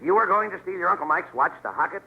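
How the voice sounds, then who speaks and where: Scolding straight man, gravelly, lively. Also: high voice, racing. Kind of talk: 1940s radio comedy double act. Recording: muffled, noisy old radio broadcast.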